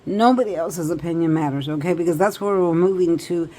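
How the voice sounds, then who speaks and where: A woman's voice: lowish voice, fairly quick, mellow, low-quality recording. A woman tarot reader talking directly to viewers in a casual, emphatic, repetitive way. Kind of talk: casual advice monologue to viewers.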